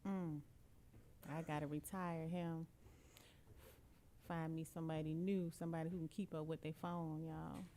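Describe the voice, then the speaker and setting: A woman's voice: deep voice, level tone, moderate pace, pauses often, warm tone, slight background noise. A young woman co-hosting a podcast in casual chat, teasing and playful. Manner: teasing, playful, laughs often. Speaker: podcast co-host.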